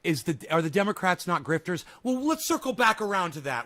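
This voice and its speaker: A man with a high-pitched, bright voice gives casual reaction commentary. He talks sarcastically and breaks into yelled rants. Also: big pitch swings, brisk. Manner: sarcastic, swings into yelling rants. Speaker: streamer reacting to a video.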